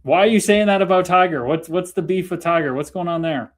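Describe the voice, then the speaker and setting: A man's voice: high-pitched, fairly quick. Upbeat chatty Canadian man. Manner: laid-back, chatty, laughs often, talks to viewers by name. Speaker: livestream host. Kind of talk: casual livestream chat reading comments.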